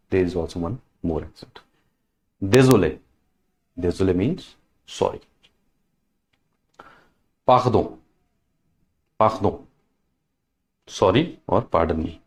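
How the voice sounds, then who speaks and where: A man teaching French greetings, slowly saying each word twice and explaining it in plain, patient English. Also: lowish voice, darkish tone. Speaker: language teacher. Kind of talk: French lesson, repeating words.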